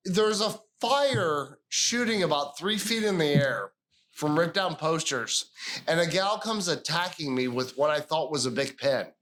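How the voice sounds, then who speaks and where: A man's voice: a little high, a little slow, slight background noise. A man on a podcast telling a wild bar story in casual chat, acting out the people in it and swearing freely. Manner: animated, acts out quoted voices, swears a lot. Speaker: podcast host.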